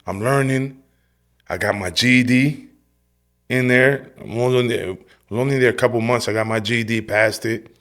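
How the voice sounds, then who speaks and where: A man in his forties giving his personal testimony as a podcast guest, telling it in a streetwise, animated way. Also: mid-range voice, brisk. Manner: animated storytelling, acting out his own past lines; streetwise, direct, says "bro" and "yo".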